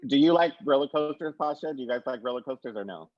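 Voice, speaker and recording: A man's voice: medium pitch, expressive, brisk, dry recording, muffled recording. A man in his late thirties co-hosting a podcast, chatting casually and hesitantly, repeating words as he starts. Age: 30s. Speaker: podcast co-host. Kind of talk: casual chat.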